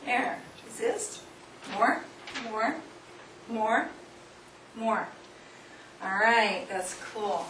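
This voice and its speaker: A woman's voice: fairly high pitch, lively intonation, very slow, long pauses, fairly bright tone. Echoey, distant woman leading a workshop. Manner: instructive, coaxing, laughs often. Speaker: seminar speaker. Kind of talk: live workshop demonstration. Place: hall with an audience. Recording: distant, echoey room recording with noise.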